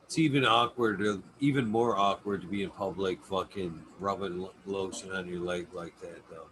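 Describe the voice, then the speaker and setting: A man's voice: low-pitched, steady tone, moderate pace, background noise. A man hosting a casual podcast chat, telling loose, profane stories and laughing, running a stream with a chat. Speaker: podcast host.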